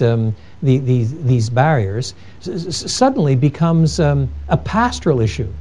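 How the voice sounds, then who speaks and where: A man's voice: on the high side, dark tone. A man giving an earnest theology lecture, telling stories with emphatic repetition and frequent restarts. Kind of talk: lecture with told anecdotes.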